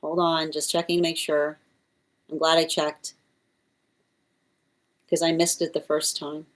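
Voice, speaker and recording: A woman's voice: low-pitched, little pitch movement, measured pace. Chatty woman tarot reader on a live stream. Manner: chatty, laughs often, coos at her cat.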